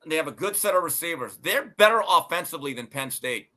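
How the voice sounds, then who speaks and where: High, bright-voiced man talking sports. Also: fast. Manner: animated, emphatic storyteller, swears freely. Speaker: sports show host. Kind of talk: casual sports talk.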